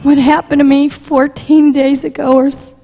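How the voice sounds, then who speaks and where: High-voiced passionate woman preacher. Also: level tone, normal speed, vocal fry. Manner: passionate, repetitive, emotional, close to tears at times. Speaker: preacher, missionary. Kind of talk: emotional testimony sermon. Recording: dull recording with long hall reverb.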